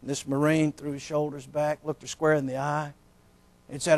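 A man's voice: a little high, level tone, normal speed. A middle-aged man preaching a sermon as pastor, telling folksy jokes and stories. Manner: folksy, joking, storytelling.

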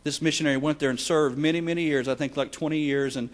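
A man preaching a sermon, swinging between shouted passages and hushed, quiet ones. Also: on the high side, fairly even intonation, fast. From Texas.

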